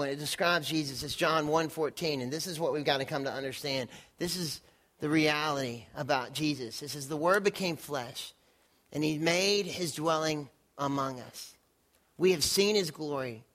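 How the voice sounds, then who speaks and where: A man's voice: fairly high pitch, fairly bright tone. A young adult man preaching a conversational sermon, acting out quoted voices and joking at his own expense while demonstrating with props. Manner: conversational, self-deprecating, acts out quotes with props. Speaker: pastor.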